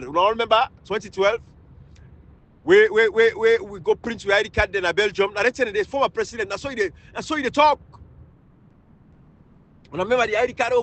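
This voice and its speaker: A man from Sierra Leone with a Krio accent, delivering a fiery, scolding political rant that swings between loud outbursts and low mutters. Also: low-quality recording. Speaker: political commentator.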